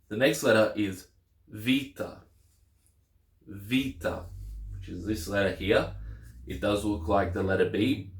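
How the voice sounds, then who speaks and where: Slow, deep-voiced man teaching Greek letters. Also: fairly bright tone, echoey room. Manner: patient, repeats each letter name slowly. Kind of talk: casual instructional lesson.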